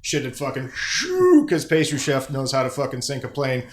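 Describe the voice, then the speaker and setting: Man, podcast co-host, swears a lot, casual banter, mid-pitched voice. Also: level tone, brisk, a little hiss or hum. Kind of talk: casual chat.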